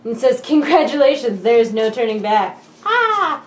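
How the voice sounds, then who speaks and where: A young woman with a high voice chatters giddily through an unboxing, joking and muttering to herself as she fiddles with the packaging. She is picked up by a camera mic in an echoey room, with a faint hiss behind her. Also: normal speed, dark tone. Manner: giddy, jokey, talks to herself while fiddling with the box. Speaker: unboxing vlogger. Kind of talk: excited casual unboxing talk.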